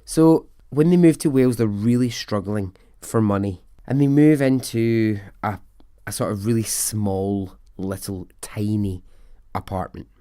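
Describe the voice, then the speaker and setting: A man with a lowish voice tells a story for his podcast in a chatty, wry way, often laughing at his own asides. The sound is dry and close, with no room around it. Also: a little slow, warm tone, clear, resonant tone, dry recording. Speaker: podcast host. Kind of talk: casual storytelling.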